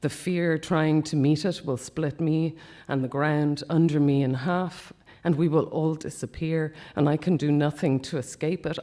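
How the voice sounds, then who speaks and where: Man softly reading a personal memoir. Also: fairly high pitch, fairly even intonation, measured pace, few pauses. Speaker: speaker reading a personal account. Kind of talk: reading a memoir piece aloud.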